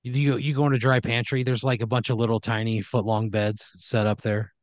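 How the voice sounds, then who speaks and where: A man's voice: mid-range voice, flat delivery, fairly quick, dry recording. A man improvising a comedic horror story for a player, talking casually, ramblingly and with profanity. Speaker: storyteller running the game.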